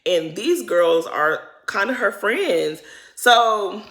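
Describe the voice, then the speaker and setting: A woman in the middle of her usual range rattles through a casual reality-TV recap. She talks straight to her viewers in a chatty, slangy, dramatic way. She jumps between punchy emphasis and quiet, muttered asides. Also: mid-range voice, animated, takes it slowly. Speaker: recap vlogger.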